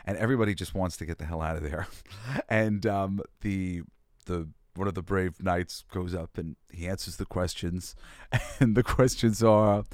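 A man's voice: deep voice, normal speed, no room sound, clean studio sound. A man hosting a show, telling a story casually with a lot of animation, laughing often and swearing freely. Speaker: host.

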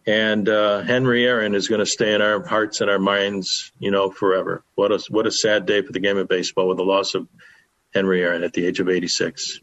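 On a sports radio show, an older man who works as a broadcaster recounts a baseball memory with folksy reverence. His voice sits a bit low, with a level, slightly bright tone and a somewhat quick pace. The audio has a mildly muffled, broadcast-like quality.

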